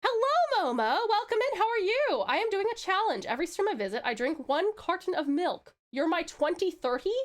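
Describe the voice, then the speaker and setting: A VTuber streamer from Tasmania, speaking with an Australian accent, chats playfully on a live stream and greets her viewers. Her voice is very high-pitched, fairly quick and with few pauses, and she's teasing, breaking into bursts of excited squeals.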